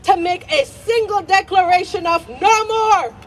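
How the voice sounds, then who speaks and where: A woman's voice: very high-pitched, measured pace, a bit bright, slight background noise. Angry woman speaking at an outdoor rally. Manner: angry, repeats lines and leads call-and-response chants. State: shaking with anger. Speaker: childcare provider speaking at a rally. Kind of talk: impassioned rally speech. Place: outdoor rally on a city green. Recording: outdoor crowd recording from a distance.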